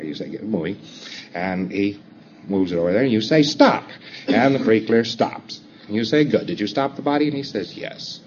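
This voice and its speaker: A man's voice: on the low side, darkish tone. Man lecturing on dull lo-fi tape. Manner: acts out both sides of the dialogue; halting, with frequent "uh" fillers. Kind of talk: instructional lecture. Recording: dull lo-fi tape with faint hiss.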